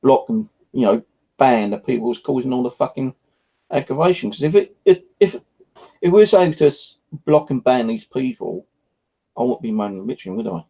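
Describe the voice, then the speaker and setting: Frustrated man, gravelly and dark-toned, casual home vlog rant with lots of swearing. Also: mid-range voice, very animated, brisk, poor audio. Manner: rambling, frustrated, swears often. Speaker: vlogger. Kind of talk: casual evening chat to camera. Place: at home, indoors.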